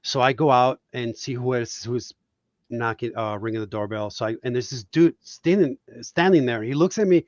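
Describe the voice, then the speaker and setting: A man's voice: medium pitch, normal speed, dry recording, dull audio. A man from Puerto Rico, a guest cartoonist, telling reflective, heartfelt stories in a casual podcast chat.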